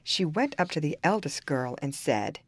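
A woman reading a fairy tale aloud in calm, even-paced storybook narration. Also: deep voice, moderate pace, no room sound.

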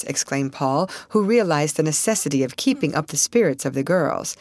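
A woman reading a novel aloud in an expressive, varied way. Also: low voice, moderate pace, hardly any pauses, no room sound, studio quality. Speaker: audiobook reader. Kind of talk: scripted narration.

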